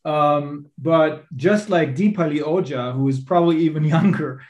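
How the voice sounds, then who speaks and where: A man with a German accent, a lawyer being interviewed, who talks haltingly with many fillers and restarts. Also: on the high side, a little mellow, echoey room, dull audio. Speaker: attorney, interview guest. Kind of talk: interview answers.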